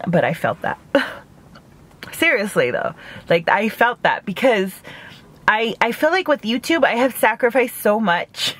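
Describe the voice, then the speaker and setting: A woman's voice: mid-range voice, animated, measured pace, a little hiss or hum. Chatty woman vlogging from her car. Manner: chatty, laughs at own jokes, full of "like". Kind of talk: casual mukbang chat. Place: parked car.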